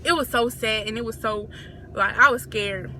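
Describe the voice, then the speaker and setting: A woman's voice: a little high, moderate pace, pushed and bright, a little hiss or hum. A young woman sharing a family story in a casual storytime, in a plain, matter-of-fact way. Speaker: co-host sister.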